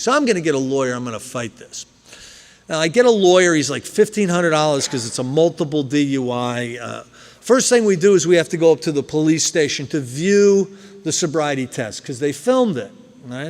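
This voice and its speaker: High-voiced man telling a story in a hall. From New Jersey. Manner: animated storyteller, acts out scenes loudly. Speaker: recovery meeting speaker. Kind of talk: storytelling talk to a meeting. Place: meeting hall. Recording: long hall reverb.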